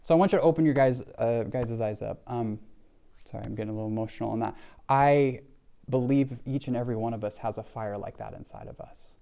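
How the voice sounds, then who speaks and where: A man's voice: medium pitch, quick pace, creaky, mellow. Middle-aged male leadership speaker, earnest, heartfelt live talk, addresses the crowd directly. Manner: earnest and heartfelt, with frequent "right?" asides. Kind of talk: live motivational talk to an audience. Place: event venue with a live and online audience.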